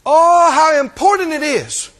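A man preaches with a strikingly high, animated voice, hammering phrases through repetition and asking the congregation to answer back. His pitch swings widely as he presses each point. The sound carries a long reverb from a large hall. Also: a little slow. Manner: emphatic, repetitive, call-and-response. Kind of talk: sermon.

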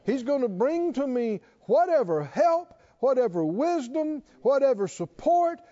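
A man's voice: extremely high pitch, sing-song, a little slow, warm tone, lo-fi sound. A man preaching a sermon to a responding congregation, repeating questions and building to emphatic calls.

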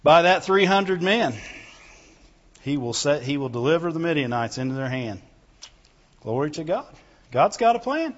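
A high-voiced man preaches a fervent sermon, calling out to his congregation for amens. His voice rings through a long, echoing hall. The recording sounds dull and lo-fi. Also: very animated, normal speed, pauses often. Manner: fervent, calls out for amens and glory to God; reads scripture aloud in old biblical wording. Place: church hall before a congregation.

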